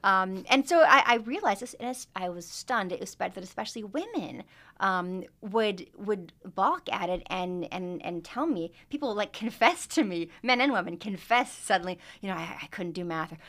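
A woman who is a guest on a podcast, talking in an animated way and laughing easily. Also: medium pitch, normal speed. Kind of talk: casual interview chat.

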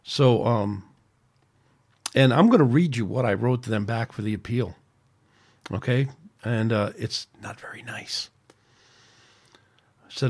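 Solo podcast host, male, mid-pitched, ranting and venting, loose and rambling. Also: a little slow, long pauses, slightly rough. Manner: angry, ranting, rambling with restarts.

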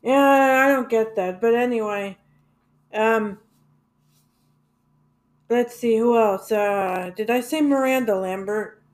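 A woman talks slowly and unhurriedly in a casual monologue about music. She rambles, stops for fillers and restarts, and swears now and then in a blunt, offhand way. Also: a little high. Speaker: music vlogger.

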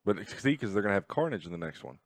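Brief: male co-host, lowish voice, dry sound, playful needling. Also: sing-song, very fast, no echo. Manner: teasing, provoking others. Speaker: podcast co-host. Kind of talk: casual podcast banter.

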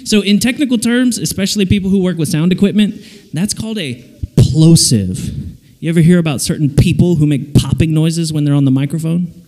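A man giving a jokey, animated sermon to young people, acting out little voices as he goes. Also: on the high side, fairly quick. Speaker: preacher. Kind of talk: lively sermon to a youth audience. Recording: long hall reverb.

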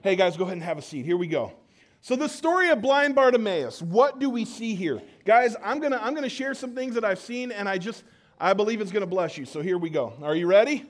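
A man with a notably high, light voice preaches at a church service. He talks casually and with energy, teasing and rousing the crowd, and often stumbles and restarts mid-sentence. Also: brisk. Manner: energetic, joking, audience call-and-response; conversational with frequent restarts.

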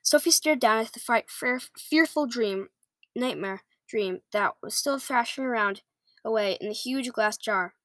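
Woman, reading a children's book aloud, fairly high voice, stumbles over words, dry sound. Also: unhurried, fairly bright tone, no room sound. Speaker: reader.

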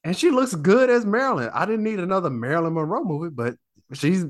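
A man co-hosting a podcast in casual chat, animated and profane, stammering and restarting as he talks. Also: sits high, fairly quick. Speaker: podcast co-host.

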